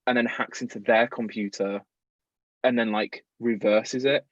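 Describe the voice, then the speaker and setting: A man's voice: medium pitch, fairly even intonation, unhurried, no room sound. A young man hosting a casual live-stream chat, upbeat, laughing easily and reading out viewer comments. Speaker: host and show creator. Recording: dull lo-fi stream audio.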